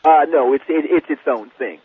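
Guy doing a pushy flag-waving wannabe songwriter, husky voice, brash, tinny phone line sound. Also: a little high, normal speed, dry recording. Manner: brash, calls the host son. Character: blustering pushy patriotic male amateur songwriter. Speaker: caller. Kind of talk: prank radio call.

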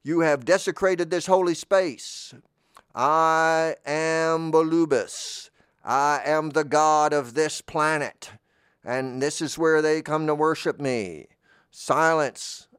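A booming, self-important planet god who keeps ordering silence, as a man puts him on. His voice rides well above a normal speaking pitch and pushes loud. It sounds close and dry, with no room around it. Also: slow pace, clean tone, no echo. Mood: commanding. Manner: pompous, commanding, keeps demanding silence. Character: booming self-declared planet god, male, pompous and bossy. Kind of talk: improvised comedy role-play.

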